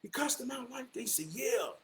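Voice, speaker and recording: A man telling a long casual story, animated, often shouting and slipping into the voices of his friends. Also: very high voice, fairly quick, echoey room.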